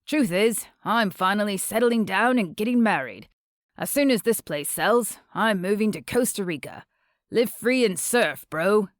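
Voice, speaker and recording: A woman voicing a gruff older male surf shop owner with a booming, put-on Australian accent and a laid-back, chatty manner, in an audiobook. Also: animated, unhurried, dry recording, studio quality, close to an everyday voice.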